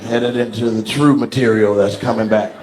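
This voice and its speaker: A man's voice: on the low side, steady tone, moderate pace, darkish tone. A male stand-up comedian doing crowd work on stage, brash, profane and teasing. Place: large comedy venue on stage.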